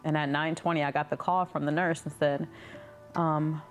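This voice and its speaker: A mother telling a personal story in a halting way, restarting often. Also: deep voice, little pitch movement, soft background music.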